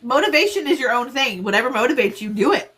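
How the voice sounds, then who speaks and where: Bright, lively high-voiced woman host. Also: fast talker. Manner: animated, playful, acts out quotes. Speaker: book club host. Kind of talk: casual interview chat.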